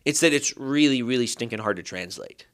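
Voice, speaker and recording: A man's voice: mid-range voice, animated, fairly quick, fairly bright tone. A man with a mid-range voice speaks as a podcast guest who teaches Hebrew. He explains carefully, laying out one point after another in an easy conversational way. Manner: thoughtful, building points step by step. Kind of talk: explanatory interview talk.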